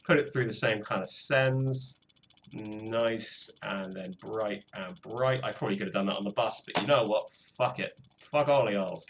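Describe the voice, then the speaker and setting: A man's voice: lowish voice, normal speed, background noise. A young British man chatting casually while he produces music on a live stream, self-deprecating and swearing freely. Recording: faint music behind voice.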